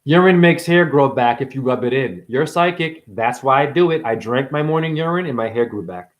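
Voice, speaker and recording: A man ranting to camera in a profane, mocking monologue, firing rapid rhetorical questions at the viewer. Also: medium pitch, animated, low-quality recording. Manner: profane, mocking, swings between shouting and murmuring. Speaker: self-styled spiritual vlogger.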